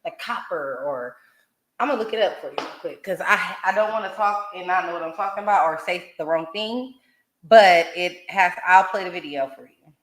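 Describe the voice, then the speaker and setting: A woman hosting a podcast, talking in a casual, animated, rambling way and swearing freely. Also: lowish voice, normal speed, echoey room, low-quality recording. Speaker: podcast host.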